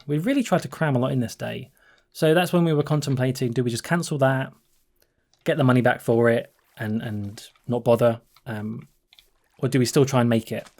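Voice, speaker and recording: A man's voice: medium pitch, darkish tone. A man who hosts a channel, chatting casually and rambling through a story, laughing often and restarting his sentences. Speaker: channel host.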